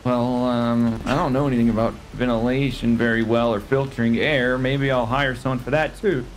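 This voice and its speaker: A man's voice: medium pitch, fairly even intonation, moderate pace, low-quality recording. Easygoing, earnest man in role-play. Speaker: role-play player showing off his home. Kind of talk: in-character role-play chat.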